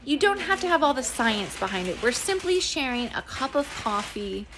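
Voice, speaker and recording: An earnest woman talks to her camera at home, chatty and full of fillers and restarts. Her pitch climbs high and lively when she gets emotional about her home business. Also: moderate pace. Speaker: network marketing distributor. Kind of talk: casual talk to camera. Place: at home with children nearby.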